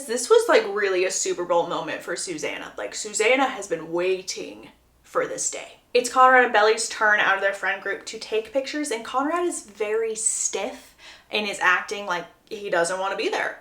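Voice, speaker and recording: A woman recapping a book in a casual, chatty vlog, telling the story in an animated, gossipy way. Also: medium pitch, echoey room.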